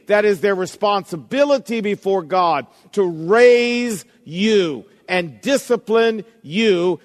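A middle-aged man preaching a sermon with deliberate emphasis and rhetorical questions. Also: sits high. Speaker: pastor. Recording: long hall reverb.

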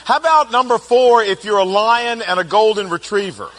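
A middle-aged man giving a humorous, animated talk, telling family stories and acting out quotes. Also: sits high, moderate pace. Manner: animated storytelling, playful, acts out quotes. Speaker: speaker on personality types.

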